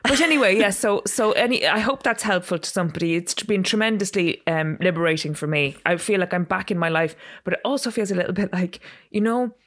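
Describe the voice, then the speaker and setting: A woman, co-hosting a podcast in casual chat, rambling and chatty, quick to laugh at herself. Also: medium pitch, fairly bright tone. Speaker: podcast co-host.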